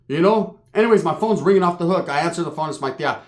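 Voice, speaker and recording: A man from Northern California telling a profane, comedic street story in a slangy, animated way, with acted-out sound effects. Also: on the high side, fast, few pauses.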